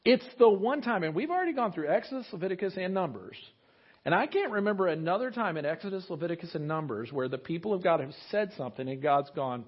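A high-voiced man preaching a lively sermon, acting out quotes and tossing in jokey asides. The recording is dull and lo-fi, captured in a church sanctuary. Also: fast talker, breathy edge. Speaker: pastor.

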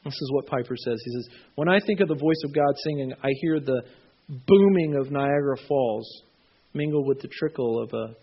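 A man preaching a sermon, reading scripture and telling stories with lively acted-out voices. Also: medium pitch, moderate pace, husky. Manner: animated storytelling, acting out voices. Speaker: pastor. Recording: dull, lo-fi sound.

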